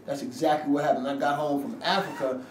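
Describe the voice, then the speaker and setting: This rapper, recorded after an interview, has a fairly high, steady voice and talks fast while spinning a slangy story full of acted-out quotes and cursing. A handheld camera films him in a room. The sound is distant and echoey, with faint ambient noise.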